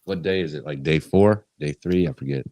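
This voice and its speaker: A man with a very deep voice joins a casual live-stream chat, teasing and tossing out short questions. His pitch moves around freely, and the sound is dry with no room around it. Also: big pitch swings, brisk, gravelly, dark tone, no room sound.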